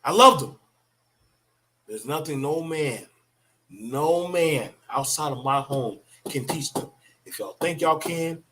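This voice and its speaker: A man's voice: mid-range voice, expressive, a little slow, pushed and bright. A middle-aged man giving a blunt, profane, preachy opinion monologue about parenting. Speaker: commentator on parenting.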